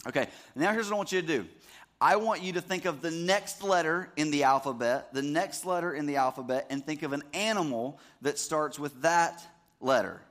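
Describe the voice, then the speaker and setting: A man's voice: a little high, normal speed, a bit bright. A man in his thirties, a pastor giving a sermon, talking casually and checking that the congregation is following along.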